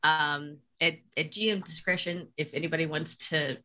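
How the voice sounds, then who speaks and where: A woman with a lowish voice chatting at a tabletop game table. She talks in a playful, casual way and swears freely. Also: steady tone, normal speed, sharp tone. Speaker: player.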